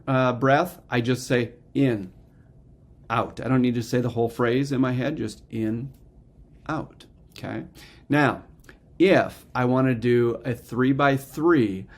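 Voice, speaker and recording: Man with a gravelly voice, mid pitch, meditation teacher, explains step by step, casual lesson. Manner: explains step by step, often checks in with "okay?". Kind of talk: casual instructional talk.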